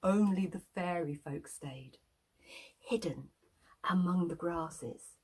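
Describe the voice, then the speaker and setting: A woman's voice: on the low side, slow pace, long pauses, slightly rough. A woman telling a children's story in a playful way, inviting listeners to act along.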